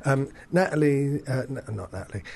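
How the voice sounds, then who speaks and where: A man's voice: mid-range voice, lively intonation, moderate pace, creaky, a little mellow, slightly rough. A man co-hosting a casual radio show, rambling with lots of fillers, restarts and casual swearing.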